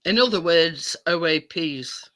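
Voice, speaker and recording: A man co-hosting a casual live stream, asking slow, musing questions. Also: on the high side, expressive, fairly bright tone, rough recording. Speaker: co-host.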